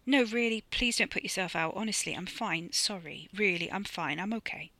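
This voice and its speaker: Woman doing a nervous, apologetic young man, soft and hesitant. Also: medium pitch, normal speed, no echo. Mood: anxious.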